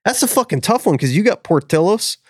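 A man's voice: high-pitched, big pitch swings, a little fast, dry recording, clean studio sound. A man chatting casually on a podcast, brash, profane and enthusiastic. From northern suburbs of Chicago. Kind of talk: casual chat.

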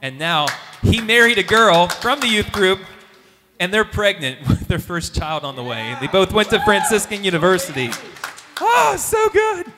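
A man, a youth minister, giving an animated testimony talk and acting out the voices of the people in his story. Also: high-pitched, normal speed, big-room sound, a crowd in the background.

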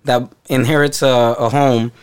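A man's voice: mid-range voice, fairly even intonation, normal speed, smooth. A man with a New York accent chatting bluntly and with slang on a podcast. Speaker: podcast co-host. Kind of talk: casual chat.

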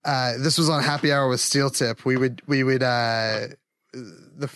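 A man hosting a podcast, telling rambling, animated stories in casual chat. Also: mid-range voice, a little slow, dry recording, studio quality. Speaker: podcast host.

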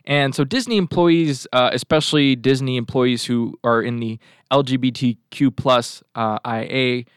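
A man's voice: mid-range voice, normal speed, smooth, no room sound, clean studio sound. A male talk show host giving a rambling, sarcastic commentary monologue and throwing asides to his crew. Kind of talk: casual political commentary monologue.

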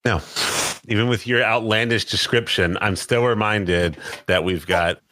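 A man's voice: on the low side, unhurried, pushed and bright, no echo. A man co-hosting a casual wrestling podcast, giving emphatic, opinionated takes. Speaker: podcast co-host.

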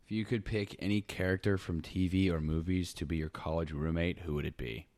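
A man's voice: low voice, steady tone, a little fast, a little mellow, no echo. A young man co-hosting a podcast, chatting casually, joking and laughing a lot. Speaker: podcast co-host. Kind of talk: casual chat.

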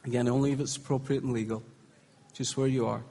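Male preacher, slightly husky, higher than most; encouraging, playful with the crowd; live in a reverberant hall. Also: level tone, fast. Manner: encouraging, gently humorous, calls out to the crowd. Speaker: preacher leading a healing service. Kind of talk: live sermon ministry. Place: large hall with congregation. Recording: echoey hall with faint crowd.

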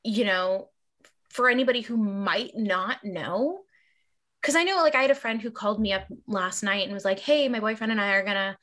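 Chatty podcast co-host, a woman explaining stuff at a mid pitch. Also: animated, normal speed, fairly bright tone. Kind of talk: casual chat.

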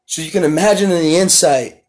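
A man preaching a podcast sermon, reading scripture slowly and with emphasis, then explaining it in a casual, repetitive way. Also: on the high side, faint music behind. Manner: repeats and restarts phrases, swells loud on key words.

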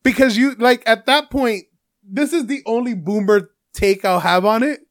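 Young New guy, high voice, animated storyteller, dry close mic, casual swearing. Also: normal speed, dry recording. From North Jersey. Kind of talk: casual chat.

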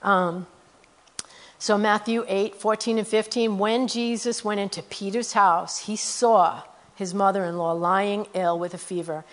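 In a medium-pitched, steady voice, a woman gives an earnest, conversational sermon on her missionary work. She reads scripture at a quick clip and keeps sprinkling in "you know" and "okay?"

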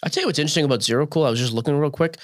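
A man co-hosting a podcast in casual chat, his voice hoarse, giving blunt, quick answers. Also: fairly high pitch, no echo, studio quality. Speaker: podcast co-host.

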